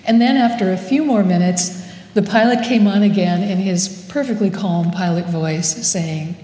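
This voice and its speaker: Woman pastor, gentle humorous sermon delivery, warm and unhurried, roomy church sound. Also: mid-range voice, a little hiss or hum. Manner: slow, measured storytelling with gentle humor. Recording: echoey hall with long reverb.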